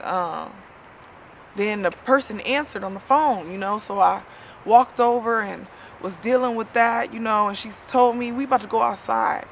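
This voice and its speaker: A woman talks straight to her viewers in a relaxed, chatty way, sprinkling "you know" through every thought. Her voice sits at a middle pitch, with a faint hiss of noise behind it. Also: creaky. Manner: chatty, with frequent "you know" fillers and laughter; heartfelt, spiritual testimony. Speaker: vlogger. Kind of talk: casual personal storytelling.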